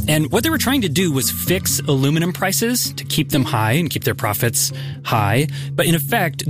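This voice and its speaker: A man hosting a podcast, telling a story conversationally with casual fillers. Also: fairly high pitch. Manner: curious, conversational, frequent fillers. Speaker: podcast host. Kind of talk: scripted podcast storytelling with banter.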